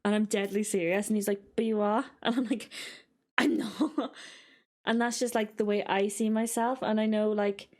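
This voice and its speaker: A woman, co-hosting a podcast in casual, candid chat full of likes and quick laughs. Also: medium pitch, level tone, darkish tone. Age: 20s. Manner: halting and candid, many likes, laughs often.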